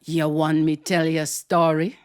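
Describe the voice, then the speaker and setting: A woman voicing a tall, regal aunt, speaking in a stern, hushed, dryly teasing way. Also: sits low, flat delivery, normal speed, smooth, voice pushed down, natural voice.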